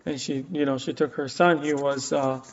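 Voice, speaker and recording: A man's voice: mid-range voice, fairly even intonation, normal speed. A man teaching a class and telling a story, with many fillers and restarts, acting out the quoted lines. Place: community center classroom. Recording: dull lo-fi room recording.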